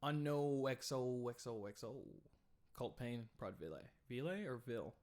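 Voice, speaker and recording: A man's voice: mid-range voice, expressive, measured pace, darkish tone. A young adult man chatting casually on a live stream from his home studio, rambling with fillers and some swearing. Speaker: streamer reviewing music.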